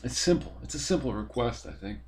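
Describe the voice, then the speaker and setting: Speaking briskly and animatedly in a medium-pitched voice, a podcast host rants from his apartment. The monologue is casual, rambling, profane and full of exasperation.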